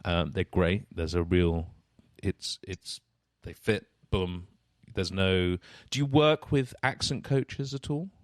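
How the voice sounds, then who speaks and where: A man with a fairly low voice hosts a casual conversation, jumping in with eager questions and tripping over repeated words. The sound is close and dry. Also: slow, hardly any pauses, no echo. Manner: enthusiastic, stammering restarts. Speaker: podcast host. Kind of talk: casual interview chat.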